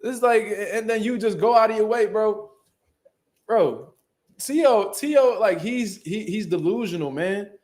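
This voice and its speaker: A man with a fairly high voice rants in casual, unscripted commentary. He talks bluntly, swears freely and packs his talk with slang. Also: unhurried, a little mellow. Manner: blunt, profane, ranting, heavy slang. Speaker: boxing commentary channel host.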